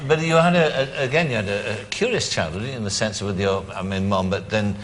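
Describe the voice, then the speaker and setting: A man's voice: lowish voice, fairly quick, fairly bright tone, slight background noise. A man in his sixties hosting a chat show, introducing his guest with a build-up and then asking probing questions. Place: TV studio with audience. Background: studio audience.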